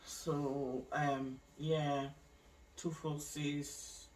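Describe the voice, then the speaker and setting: A woman tells her own story in a personal vlog. She speaks with deep feeling, stops and starts her sentences, and adds religious asides. Her voice sounds somewhat distant from the microphone. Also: flat delivery, darkish tone, a little hiss or hum. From Nigeria. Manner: emotional, halting, with frequent restarts and religious asides. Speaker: vlogger sharing her life story.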